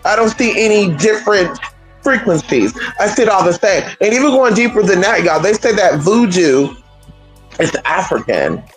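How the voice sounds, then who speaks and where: A livestream host ranting to viewers in an animated, rhetorical way, firing off question after question and swearing freely. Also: medium pitch, normal speed, faint music behind, rough recording. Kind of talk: livestream rant.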